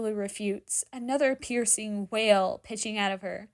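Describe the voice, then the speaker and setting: A woman reading fan fiction aloud in dramatic story narration, expressive and sometimes dropping to a hushed whisper. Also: medium pitch, a little slow, hardly any pauses. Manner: expressive, drops to hushed whispers in tense moments. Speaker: fanfiction reader.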